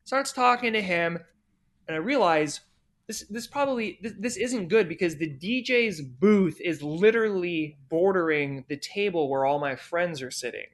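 A young adult man telling a long anecdote in a casual, profane, animated rambling way. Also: high-pitched, moderate pace. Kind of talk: casual storytelling.

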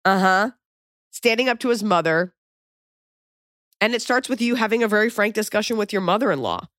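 A woman's voice: medium pitch, expressive, fairly quick, a bit bright, no echo, studio quality. A woman hosting an advice podcast, talking bluntly and swearing freely as she fires off questions in casual chat. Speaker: podcast host giving advice.

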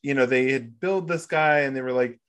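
A man hosting a podcast, talking in a relaxed, conversational way. He chuckles often and lets his sentences drift. His pitch sits in the middle. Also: a little fast, clean tone. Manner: relaxed, laughs easily, trails off. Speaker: podcast host. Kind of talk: casual chat.

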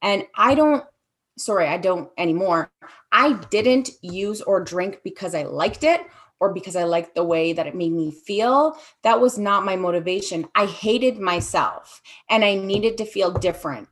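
A woman speaking candidly in an interview, talking haltingly with frequent fillers. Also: medium pitch, lively intonation. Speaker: guest sharing her story. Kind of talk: personal testimony interview.

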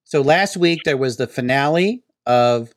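A man's voice: medium pitch, lively intonation, a little slow, no room sound. Podcast host guy, rambly and hesitant, dry close sound. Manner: rambling, many fillers and hesitations. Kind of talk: casual podcast chat.

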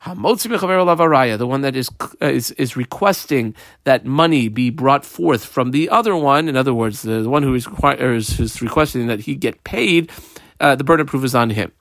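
A man's voice: mid-range voice, expressive, brisk, a bit bright, no echo, studio quality. A man teaching a daily Talmud lesson, explaining the text step by step with frequent fillers.

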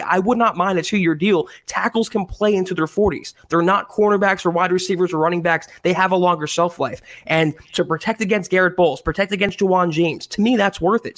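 Opinionated co-host, fairly high male voice. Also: fairly bright tone. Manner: opinionated, quick to laugh. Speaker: podcast co-host. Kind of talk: casual sports opinion chat.

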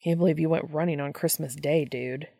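A woman doing a gruff teasing young man. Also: low voice, fairly even intonation, fairly quick, warm tone, no echo. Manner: teasing, dry sarcasm.

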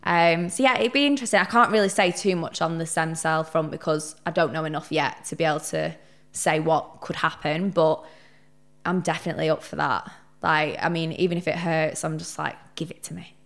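A young woman telling stories in a casual interview chat, animated and swearing freely. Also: sits low, a little fast. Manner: chatty, animated storyteller who swears casually. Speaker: podcast guest.

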